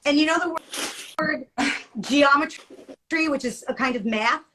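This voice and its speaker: A middle-aged woman co-hosts a podcast in easygoing chat. Her voice sits a touch high, and she talks in an animated, jokey way with frequent laughter. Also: fast, slight background noise, rough recording. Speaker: podcast co-host. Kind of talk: casual chat.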